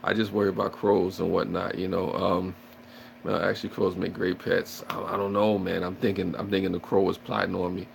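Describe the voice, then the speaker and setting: A man's voice: deep voice, little pitch movement, fairly quick, gravelly, a little hiss or hum. A man chatting and joking with viewers on a casual livestream, rambling and playfully acting out scared shrieks. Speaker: livestream host.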